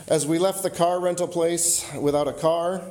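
A man preaching a sermon as a pastor, telling a personal story and slowing and softening his voice on key lines. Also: fairly high pitch, steady tone. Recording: roomy echo.

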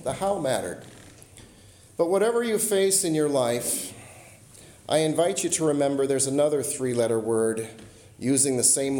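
A man preaching a sermon as a pastor, telling a personal story and slowing and softening his voice on key lines. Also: mid-range voice, slight background noise. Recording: roomy echo.

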